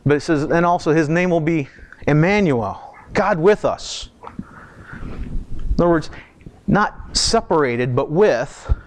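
A man preaching a sermon in a church, talking conversationally, asking the congregation questions and slowing down to stress key words. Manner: slows down and lifts pitch for emphasis. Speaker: pastor.

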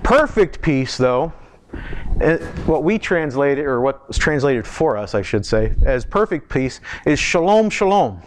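Conversational man preaching a sermon. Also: big pitch swings. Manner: conversational, asks the congregation questions; slows down and lifts pitch for emphasis. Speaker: pastor. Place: church.

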